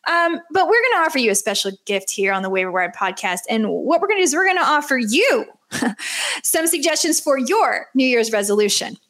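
A woman hosting a podcast, ranting in an animated, sarcastic way about fan habits. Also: high voice, a little fast. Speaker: podcast host. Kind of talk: casual podcast chat.

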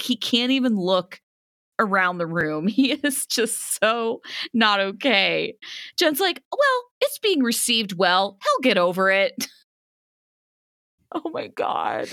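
A woman co-hosts a podcast, gossiping about a show with animated, laughing energy. Her voice is bright and a little high, and it swoops widely as she acts out quotes. The recording is close and dry. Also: no echo. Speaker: podcast co-host. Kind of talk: casual chat recapping a reality show.

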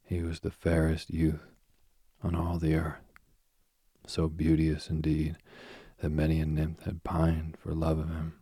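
A man reading a myth aloud as a soothing bedtime story, slowly and softly, drifting into whispers. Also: extremely low pitch, monotone, husky, dry recording, studio quality. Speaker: sleep story reader.

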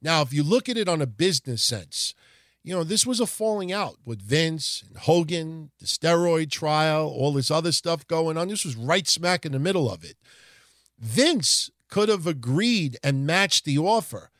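A man's voice: fairly high pitch, moderate pace, no echo, studio quality. Profane rambling man hosting a podcast. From Italian heritage. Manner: rambling, profane, animated retelling. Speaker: podcast host. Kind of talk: casual wrestling history podcast.

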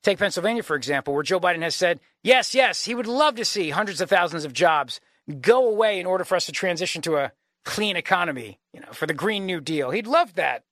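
Emphatic high-voiced talk radio host. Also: male voice, animated, fairly quick, a bit bright, no room sound. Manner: emphatic, opinionated, rhetorical questions. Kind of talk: political talk radio monologue. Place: radio studio.

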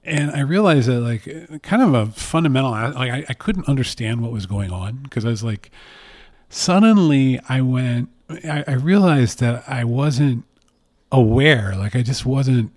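A man sharing a personal story from his office in a relaxed, candid way, full of fillers and restarts. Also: medium pitch, measured pace, dry recording, clean studio sound. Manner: chatty, self-deprecating, many fillers and restarts. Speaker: interview guest.

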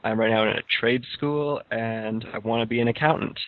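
A man's voice: mid-range voice, steady tone, fairly quick, dry recording. A young man chatting on a podcast, hesitant and rambling, restarting his thoughts. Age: young adult. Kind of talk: casual chat. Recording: dull lo-fi audio.

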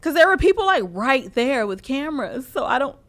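A woman co-hosting a casual podcast chat tells animated stories with plenty of laughter and swearing. She has a high voice and speaks briskly.

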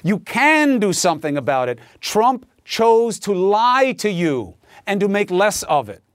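A man's voice: high-pitched, big pitch swings, a little slow, dry recording, clean studio sound. A man hosting a news show, delivering a heated, sarcastic opinion monologue.

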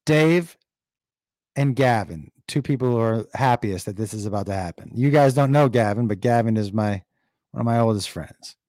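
A man's voice: mid-range voice, moderate pace, a little mellow, no room sound. Man, host, casual livestream chat, coaxing, dry close sound. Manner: chatty, coaxing, calls out to viewers by name.

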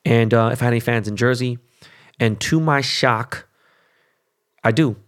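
A man's voice: mid-range voice, moderate pace. A man in his forties from Los Angeles, hosting a podcast in a blunt, casual rant full of swearing. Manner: blunt, heavy swearing, keeps asking "okay?". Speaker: podcast host.

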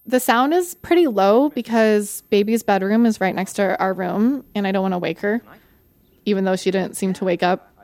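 A woman telling a personal story in a lively, conversational way, often saying "like" and acting out what people said. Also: medium pitch, normal speed. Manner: animated, frequent "like", acts out quoted dialogue. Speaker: guest storyteller. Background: faint music score.

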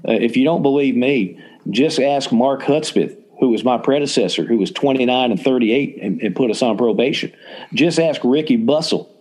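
A brash, cocky Southern college football coach , as a podcast host puts him on. He drawls in a put-on Southern accent at a mock press conference, bragging about his record and getting defensive. His voice sits at an ordinary male pitch. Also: a little mellow, natural voice.

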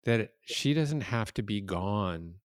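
Middle-aged male host, very low and smooth, reflective and unhurried, dry close-mic sound. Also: expressive, dry recording. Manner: slow, reflective, hesitant. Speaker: podcast host. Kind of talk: casual conversation.

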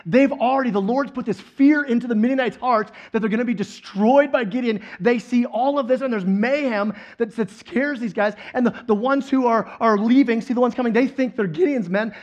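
A man with a high-pitched voice preaches a sermon, moving between loud, excited storytelling and low, earnest moments. The recording sounds dull and lo-fi. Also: fairly quick, few pauses. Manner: animated storytelling, swings from loud excitement to quiet intensity. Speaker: guest preacher.

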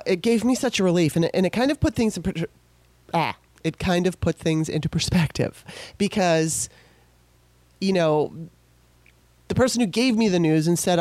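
A woman's voice: fairly low pitch, lively intonation, moderate pace, a little mellow, no echo. Emotional rambling woman podcast host. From California. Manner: emotional, rambling, many restarts. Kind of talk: casual monologue.

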